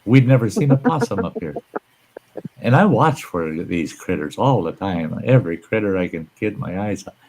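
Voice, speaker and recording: Deep-voiced man telling folksy stories. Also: very animated, normal speed, darkish tone, rough recording. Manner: rambling, folksy storytelling with mild cursing. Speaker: live stream host. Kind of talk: casual chat.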